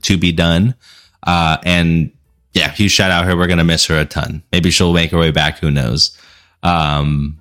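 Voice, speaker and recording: A man's voice: low-pitched, a bit bright, smooth. A man co-hosting a fan awards show, talking up favourites with emphatic enthusiasm. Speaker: podcast co-host. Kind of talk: casual chat.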